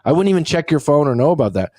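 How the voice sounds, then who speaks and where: A man hosting a relationship coaching talk show in casual chat, telling stories with lively acted-out quotes and casual swearing. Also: fairly high pitch, racing, no room sound, studio quality. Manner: animated storyteller who acts out quotes, swears casually.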